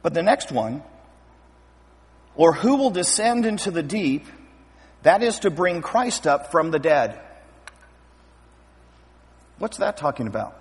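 A man preaching a sermon as pastor, lively and acting out scripture scenes with voices. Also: a little high, takes it slowly, long pauses, husky. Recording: long hall reverb.

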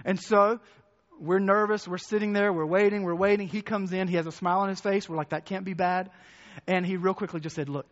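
A man with a fairly high voice preaches in a loose, conversational way, circling back over his words and putting questions to the congregation. The recording is muffled and carries the long echo of a church hall. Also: little pitch movement, fairly quick, fairly bright tone. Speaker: pastor. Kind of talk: sermon.

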